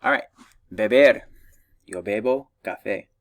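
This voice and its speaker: A man's voice: fairly low pitch, unhurried, dry recording, far from the mic. A man teaching a recorded Spanish grammar lesson, patiently drilling verb conjugations for his students to repeat.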